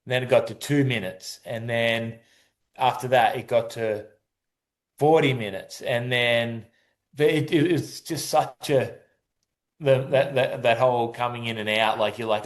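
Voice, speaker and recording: A man's voice: medium pitch, steady tone, normal speed. A man telling a personal story in a casual interview, rambling with many restarts and acting out what people said. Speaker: guest, adaptive surfer.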